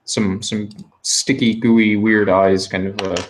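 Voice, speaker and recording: A man guides his players through a tabletop battle at a slow, easy pace. His voice sits on the low side and his narration is full of pauses and fillers. The recording carries a clear bed of background noise. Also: little pitch movement. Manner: unhurried, filler-heavy narration. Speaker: game master. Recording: noisy home recording.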